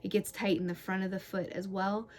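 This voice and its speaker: A young woman casually showing how to use a massage tool on herself, talking in a relaxed, chatty way with sighs and groans of relief. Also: medium pitch, a little fast, a little hiss or hum. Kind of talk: casual self-massage tutorial.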